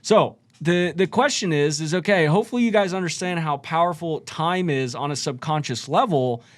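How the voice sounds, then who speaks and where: A man's voice: a little high, normal speed, dry recording. A man co-hosting a podcast, chatting casually about sales and often shifting his tone up and down to make a point. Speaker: podcast co-host. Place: studio.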